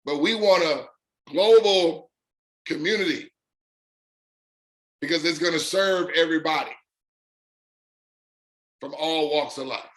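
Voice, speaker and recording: This man's fairly high, somewhat bright voice leads a live session for his online business community. He repeats his points in punchy, emphatic lists and stretches out key words for stress.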